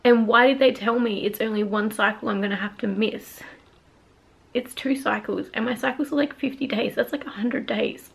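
A woman's voice: on the high side, moderate pace, vocal fry, slightly rough. A young woman vlogging, upset and frustrated, venting about her week with a teary voice after crying. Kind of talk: casual personal vlog.

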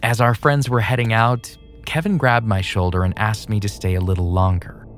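Man, low voice, horror story narration, steady delivery, soft background music. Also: moderate pace.

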